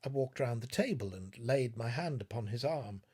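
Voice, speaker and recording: Man, audiobook narrator, husky, lively intonation, measured literary reading. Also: mid-range voice. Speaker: audiobook reader.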